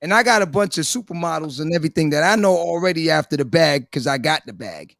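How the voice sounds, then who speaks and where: A man's voice: on the high side, fast, creaky, dry recording, studio quality. A young man hosting a podcast, arguing animatedly in casual group chat while playing a dating-coach character. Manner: animated, argues and interrupts. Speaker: podcast host.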